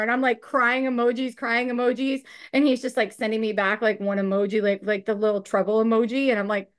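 A woman's voice: on the high side, fairly even intonation, fast, few pauses. A woman podcast co-host, a mother of teens, chatting casually, swearing freely and laughing often. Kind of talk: casual chat.

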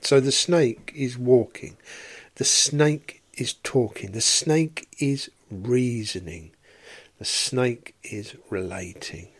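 A man's voice: mid-range voice, slow, husky. A man teaching a Bible study in a podcast, explaining verse by verse and posing rhetorical questions.

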